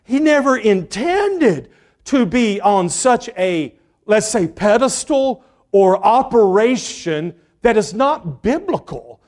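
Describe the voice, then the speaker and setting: A middle-aged man preaching, telling a lively family story and shouting the quoted lines. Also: high voice, slow pace. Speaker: pastor. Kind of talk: sermon storytelling.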